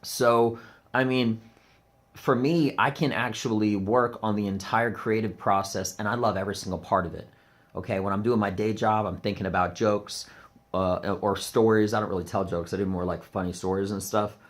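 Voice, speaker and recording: A comedian ranting to camera, rambling and emphatic, with lots of "um" and "like". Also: male voice, on the low side, steady tone, normal speed.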